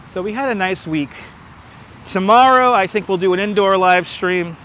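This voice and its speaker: Wearing a wireless clip-on mic, a man hosts a relaxed walking livestream on city streets, greeting viewers by name and reading their comments aloud in an eager, chatty way. His voice sits high and a bit bright, at a moderate pace, with a little hiss or hum in the recording.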